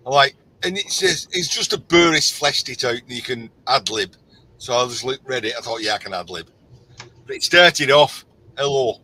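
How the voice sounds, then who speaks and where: Middle-aged male guest, animated storyteller; bright, lively delivery. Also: mid-range voice, low-quality recording. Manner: animated storyteller, acts out quotes. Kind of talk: casual storytelling chat.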